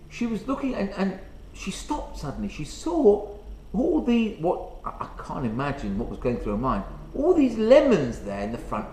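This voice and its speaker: Middle-aged rabbi, sermon storytelling, high lively voice, halting fillers, echoey room. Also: male voice, slight background noise. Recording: roomy echo.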